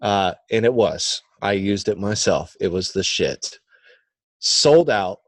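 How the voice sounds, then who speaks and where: A man's voice: fairly low pitch, animated, slow, no echo. A man telling a story as a podcast guest, swearing freely and acting out the quotes. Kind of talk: casual storytelling.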